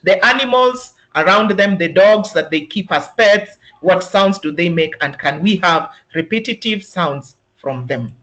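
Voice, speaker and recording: A Kenyan-accented voice leads a teachers' webinar at a mid pitch. The delivery is patient and explanatory. Words are sounded out slowly, syllable by syllable, to show their rhythm. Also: lively intonation, fairly bright tone. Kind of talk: instructional webinar talk.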